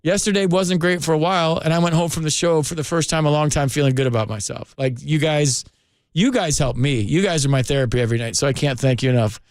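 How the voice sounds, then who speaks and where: A man's voice: fairly high pitch, fast, no echo. A man hosting a late-night sports call-in radio show, talking in an earnest, rambling, heartfelt way from a studio microphone.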